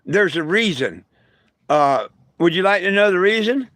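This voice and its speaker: High, bright-voiced older man ranting. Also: lively intonation, a little slow, dry recording. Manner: combative, crude, answers commenters bluntly; folksy storyteller with homespun grammar. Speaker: vlogger. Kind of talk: casual rant to camera.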